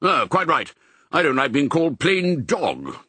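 A man reading a storybook, voicing a brisk, fatherly old male sheepdog who is a colonel. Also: fairly high pitch, wildly swooping pitch, bright, forceful tone, breathy edge, no echo, voice pushed up, heavily acted. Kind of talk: audiobook character voice.

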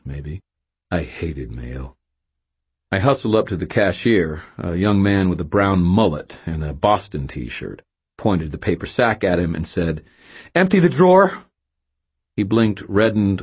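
A man's voice: low-pitched, husky. A man narrating a first-person novel with a wry, self-mocking storytelling manner. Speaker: audiobook narrator.

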